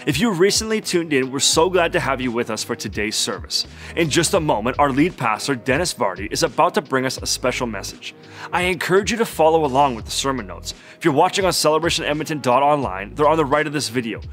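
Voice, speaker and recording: A man hosting an online church service, giving smooth, welcoming announcements. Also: mid-range voice, lively intonation, fast, a bit bright, faint music behind.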